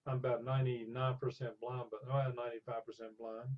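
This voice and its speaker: Speaking briskly at a medium pitch, an older man tells animated stories as a guest in a conversational interview, acting out the voices of the people in them. The sound is dull and lo-fi.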